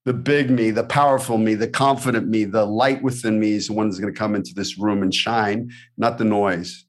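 A man's voice: medium pitch, fairly even intonation, fairly quick, hardly any pauses. Upbeat motivational male podcast host. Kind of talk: casual interview chat.

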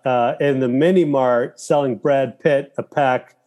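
A man talking as a guest in a casual interview, telling animated stories with profanity and quoting his own thoughts aloud. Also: mid-range voice, a little slow, lo-fi sound. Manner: animated storytelling with profanity and quoted inner thoughts. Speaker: guest, filmmaker and actor.

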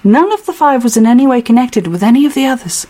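A woman reading aloud as an older English gentleman in an attempted London accent, measured and storytelling. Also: on the high side, expressive, pitched above the performer's own voice. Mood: grave.

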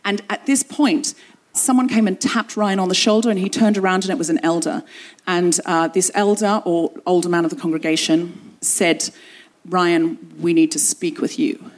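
A woman's voice: on the low side, normal speed. A woman hosting a live show, telling a comic personal story with self-mocking asides. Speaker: podcast host. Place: open-air theatre stage.

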